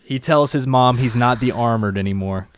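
A man co-hosting a casual anime recap podcast, recapping scenes in a relaxed, enthusiastic way. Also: medium pitch, moderate pace, clear, resonant tone. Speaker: podcast co-host.

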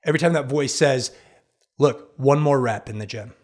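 A man hosting a motivational talk, telling stories with animated delivery and acting out the inner voices that argue in a person's head. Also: mid-range voice, normal speed. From Kansas City area, United States. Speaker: podcast host. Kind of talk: motivational monologue.

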